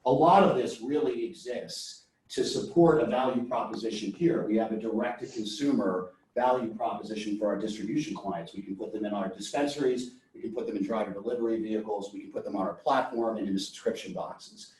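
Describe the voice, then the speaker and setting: A man's voice: lowish voice, fairly quick, few pauses, darkish tone. A man answering a judge's question about his business over a video call, thoughtful and full of business jargon. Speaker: company founder answering a judge. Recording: very echoey room, far from the mic.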